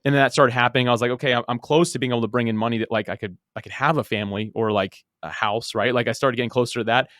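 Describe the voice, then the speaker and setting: A man's voice: mid-range voice, fairly even intonation, fairly bright tone, no echo, clean studio sound. A man in his thirties, a podcast guest, telling his story casually with lots of "like" and repeated words. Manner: rapid, full of "like" and repeated words.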